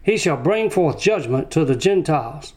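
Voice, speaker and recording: A man's voice: on the high side, expressive, moderate pace. A man preaching a sermon, driving his points home with short repeated phrases. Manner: emphatic repetition of short phrases.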